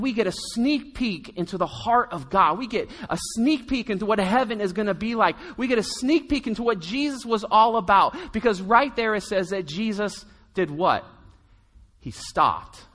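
High, bright-voiced man preaching. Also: expressive, a little fast, hardly any pauses, big-room sound. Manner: storytelling, conversational, acts out quotes. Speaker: pastor. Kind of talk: sermon.

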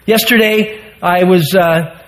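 A man's voice: high voice, steady tone, slow pace, a bit bright, low-quality recording. A man in his sixties preaching a sermon, earnest and emphatic, full of rhetorical questions. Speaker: pastor.

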